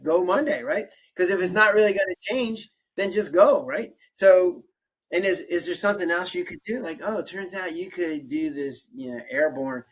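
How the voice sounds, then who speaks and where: Husky man telling stories animatedly. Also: fairly high pitch, rough recording. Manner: animated storytelling, acts out both sides of conversations. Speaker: podcast guest doctor. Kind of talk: explaining stress coping tools.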